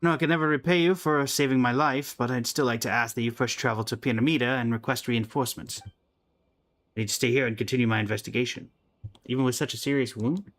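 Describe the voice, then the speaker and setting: A man voicing a wounded, stubborn male guard in a game, using a put-on accent and a tired, steady delivery. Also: mid-range voice, fairly quick, lightly acted. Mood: weary.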